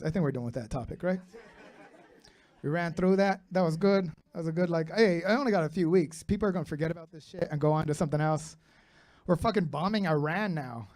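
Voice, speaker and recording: Brash, high-voiced comedian in his thirties. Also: animated, fairly quick, long pauses. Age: 30s. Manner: brash, profane, crowd-work banter. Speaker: stand-up comedian. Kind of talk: stand-up comedy set. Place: comedy club stage with live audience.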